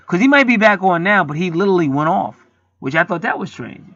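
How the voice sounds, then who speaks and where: A man's voice: high voice, very animated, quick pace, a bit bright, dry recording. A man hosting his own channel, ranting to viewers in a casual, heated, profane and preachy way. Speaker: channel host. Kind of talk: casual rant to camera. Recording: dull lo-fi dry sound.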